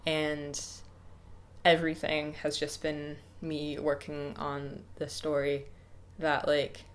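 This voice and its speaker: A young woman in her twenties talking to camera off the cuff, hesitant and reflective, with many pauses and restarts. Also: deep voice, monotone. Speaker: YouTuber. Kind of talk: casual unscripted talk to camera.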